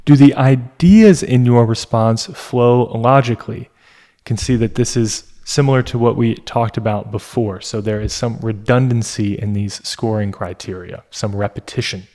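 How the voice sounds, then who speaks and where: A man teaching an English test lesson, explaining scoring criteria in a deliberate, teacherly way with pauses. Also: medium pitch, mellow.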